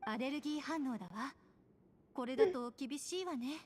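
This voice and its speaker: A woman voicing a poised, ladylike adult witch in a video game, speaking in a refined, softly feminine way. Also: high voice, lively intonation, quick pace. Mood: calm.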